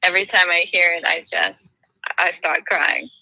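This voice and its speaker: A woman's voice: lowish voice, level tone, normal speed, sharp tone, dry recording, low-quality recording. A woman guest calling in by phone to a livestream, chatting casually and enthusiastically. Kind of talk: casual chat. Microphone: phone call.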